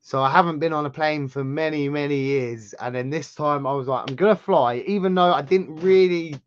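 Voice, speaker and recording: An English man with a sore throat, telling a travel story in casual chat as a channel host, animated and rambling. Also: normal speed, muffled recording, a little hiss or hum. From England. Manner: chatty storyteller, animated swings in pitch and loudness.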